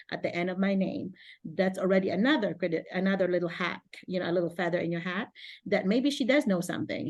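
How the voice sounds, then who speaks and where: Chatty middle-aged filipina lady on a zoom call, laughs a lot, mid pitch. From Philippines. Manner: chatty, laughs often, animated self-quoting. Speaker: teacher mentor hosting a video call. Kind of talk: casual video-call chat. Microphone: video call.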